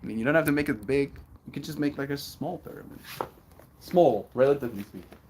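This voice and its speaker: A young man chatting casually on his daily livestream, musing and reading encouraging lines aloud slowly. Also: medium pitch, very noisy. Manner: relaxed, musing, reads affirmations aloud slowly. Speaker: daily streamer.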